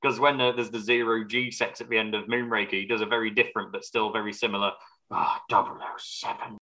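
A man's voice: lowish voice, level tone, quick pace, pushed and bright, poor audio. A man co-hosting a film podcast, reviewing a movie with wry, sarcastic humor. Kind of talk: casual film review chat.

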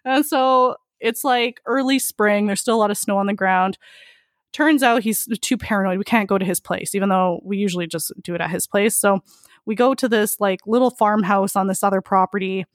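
A woman telling a raucous story as a podcast guest, her voice at an everyday middle pitch. She is candid and laughs a lot, leaning on "like" throughout, and the recording is close and dry. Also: normal speed, dry recording. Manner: candid, laughs often, many likes. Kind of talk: casual storytelling interview.

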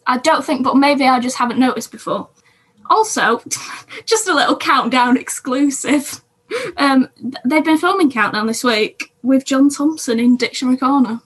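Brit woman chatting on a podcast, pretty high voice, a bit breathy, rambles. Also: fairly bright tone. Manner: chatty, reads from notes, self-interrupting. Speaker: podcast co-host. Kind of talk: casual chat about TV.

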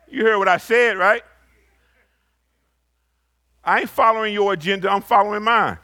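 A male preacher in full sermon, his voice pitched high and bright for a man. He reads scripture slowly and deliberately, then climbs into loud, emphatic rises before dropping into quiet, low asides.

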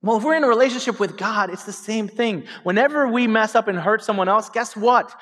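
A man's voice: high-pitched, brisk, a bit bright. A man in his thirties preaching a sermon as pastor, telling stories animatedly and speaking directly to the congregation. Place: church sanctuary. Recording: hall reverb.

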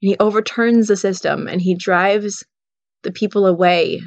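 A woman's voice: medium pitch, fairly even intonation, moderate pace, dry recording. A woman giving a casual Bible teaching, retelling the story in a conversational way with frequent "you know" and "like". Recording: dull, dry sound.

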